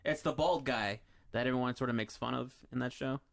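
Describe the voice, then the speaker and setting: A man's voice: medium pitch, brisk, gravelly. A man hosting a podcast, chatting casually and rambling through a story with lots of fillers and restarts. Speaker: podcast host. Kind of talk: casual chat.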